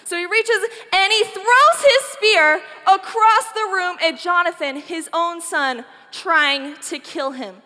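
A woman's voice: very high voice, slow, few pauses, in a large hall. A woman giving a chatty, joking youth talk, retelling a Bible story casually. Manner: animated, chatty, jokey. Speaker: youth speaker.

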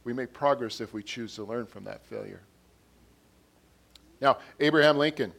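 Preaching with earnest conviction, a man repeats his words and grows louder while reading quotes and scripture. He speaks at a moderate pace in a medium-pitched voice with vocal fry.

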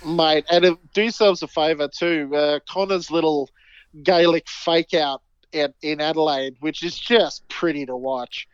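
A man's voice: fairly high pitch, fairly even intonation, a little slow, clean tone, no echo, dull audio. An Australian man co-hosting a podcast, bantering in a jokey, rambling way. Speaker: podcast co-host. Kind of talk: casual chat.

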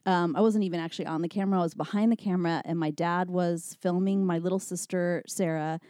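A woman's voice: lowish voice, fast talker, no room sound, clean studio sound. A young adult woman from Texas with a slight Texas accent, telling stories in a chatty, laughing way in casual conversation. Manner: chatty, laughs often, animated storytelling. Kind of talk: casual chat.

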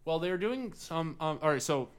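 A man's voice: fairly high pitch, lively intonation, normal speed, clean tone. A man with a Midwestern accent co-hosting a casual podcast, rambling with lots of fillers, restarts and swearing. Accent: Midwestern American. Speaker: podcast co-host. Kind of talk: casual chat.

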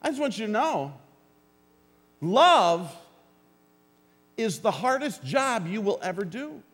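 A man's voice: sits high, big pitch swings, slow pace, fairly bright tone. Man preaching in a reverberant hall. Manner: earnest preaching with dry jokes and calls to the congregation. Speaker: pastor. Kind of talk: sermon.

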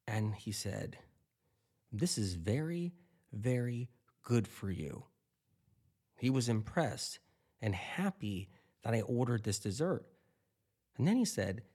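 A man's voice: fairly low pitch, darkish tone, slightly rough. A man eating and talking casually, rambling through anecdotes with lots of quoted dialogue. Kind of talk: casual storytelling monologue.

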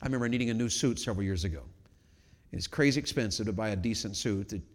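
Middle-aged man, revival preacher, folksy storytelling sermon, quiet then shouting, long hall reverb. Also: lowish voice, quick pace. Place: large church auditorium.

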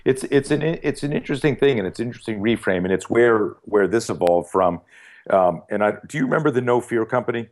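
A man's voice: medium pitch, brisk. A man in his sixties, a fear-management speaker, telling stories in a casual podcast conversation, acting out dialogue with frequent restarts. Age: 60s. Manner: animated storyteller who acts out dialogue with frequent restarts.

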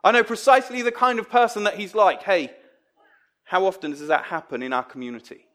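A man's voice: sits high, brisk, bright, forceful tone. A man preaching a sermon in a conversational, emphatic way, acting out quoted voices.

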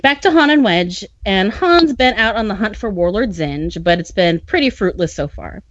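A woman's voice: medium pitch, animated, normal speed, a bit bright, lo-fi sound. Sarcastic chatty woman podcast host. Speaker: podcast host recapping a novel. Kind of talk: casual chat.

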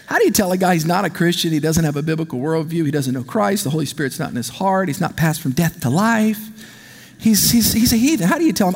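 A male pastor delivers an animated, conversational sermon and keeps calling out for the congregation to answer him. His voice sits high. The long reverb of a large church hall hangs on every line. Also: fast, gravelly.

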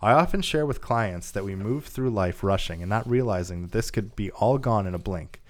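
A man's voice: on the low side, expressive, normal speed. A man co-hosting a casual gaming podcast, reading listener mail aloud and laughing often. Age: adult father of a young child. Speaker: podcast co-host.

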